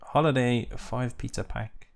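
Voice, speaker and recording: A man's voice: mid-range voice, steady tone, measured pace, gravelly. A man co-hosting a podcast, chatting casually in a wry, jokey way and reading bits aloud from a website. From Ireland. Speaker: podcast co-host. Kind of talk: casual chat.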